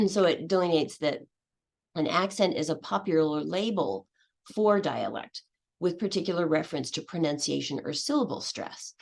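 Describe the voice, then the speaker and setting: A woman's voice: sits low, lively intonation, moderate pace, vocal fry. A middle-aged woman, an English language teacher, giving a conference presentation in a hesitant way, with many fillers and restarts.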